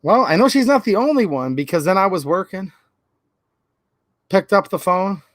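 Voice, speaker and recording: High-voiced chatty male streamer. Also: sing-song, moderate pace, dry recording. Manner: rambling, chatty storytelling to viewers. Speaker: channel host. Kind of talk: livestream commentary.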